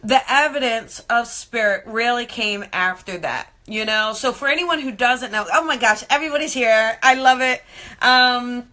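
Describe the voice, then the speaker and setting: A woman who hosts a live-streamed show as a medium tells stories in a lively, chatty way and acts out the people in them. Her voice is bright and sits a little high, and she talks close to the mic. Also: normal speed. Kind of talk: live-streamed casual storytelling.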